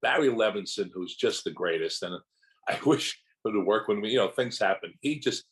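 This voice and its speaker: In a low-quality recording, an older man who acts speaks briskly in a fairly low voice. During a casual interview he relates lively stories, voicing the words others said to him.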